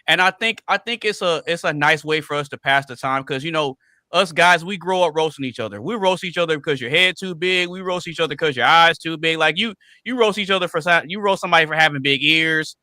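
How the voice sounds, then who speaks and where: A man's voice: fairly high pitch, fast, bright, forceful tone, dry recording. A man on a podcast panel talking casually and emphatically, repeating phrases to drive a point home.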